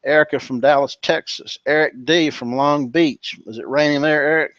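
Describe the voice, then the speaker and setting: A man's voice: fairly high pitch, moderate pace, no echo, dull audio. A man hosting a live online webinar, casually reading out viewer greetings and chatting, calling people brother and dude. He is from California. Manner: relaxed and chummy, calls people brother and dude. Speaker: webinar host.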